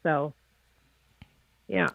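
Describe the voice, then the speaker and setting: A woman with a Maritime Canadian accent, a snake breeder chatting as a guest in a casual livestream interview, excitable and jokey. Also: extremely slow, dry recording. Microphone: video call. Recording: tinny phone-like video call line.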